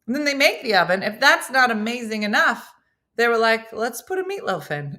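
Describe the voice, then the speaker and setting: A middle-aged woman hosts a casual morning show, cooking while she jokes animatedly with viewers. Her voice is fairly high and a little fast.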